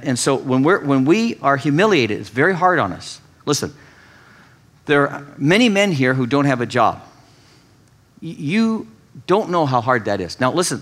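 A man preaching a sermon, telling a story with animated swings in pitch and loudness. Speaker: pastor.

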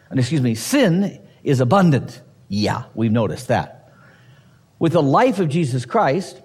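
A man's voice: medium pitch, darkish tone. A man preaching a sermon as pastor, teaching a passage verse by verse with emphatic asides and touches of humor. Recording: husky voice in a hall with long reverb.

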